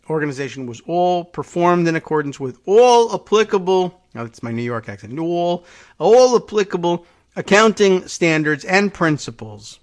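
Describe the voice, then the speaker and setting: Brief: male talk host, slightly higher voice, reads headlines then adds dry sarcastic commentary. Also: fairly bright tone. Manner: wry, sarcastic asides between read passages. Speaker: podcast host. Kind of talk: reading news aloud with commentary.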